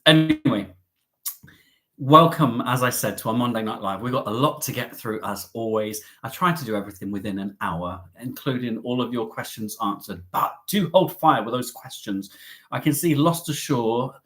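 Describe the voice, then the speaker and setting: A man's voice: medium pitch, normal speed, a bit bright. Jokey upbeat man hosting a live stream. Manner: jokey, upbeat, with laughs and cheeky asides. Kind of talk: chatty live-stream talk.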